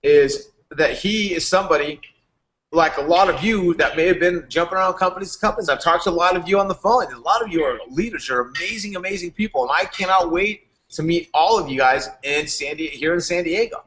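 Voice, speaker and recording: Man, bright voice, energetic, rambling motivational speech, slightly high. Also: brisk. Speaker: company founder addressing members. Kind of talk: live stream motivational speech.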